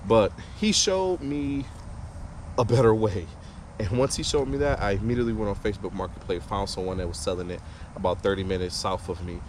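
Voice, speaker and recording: A man's voice: fairly low pitch, fairly quick, darkish tone. A man hosting a casual lawn-care vlog in his backyard, chatty and laid-back, hyping himself up. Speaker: lawn care channel host. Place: backyard, outdoors. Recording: outdoor noise.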